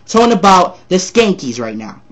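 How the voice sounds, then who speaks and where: Casting: man, high voice, wildly animated, profane angry sports rant, slightly sore from shouting. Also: moderate pace. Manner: loud, profane, repetitive ranting. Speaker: sports ranter.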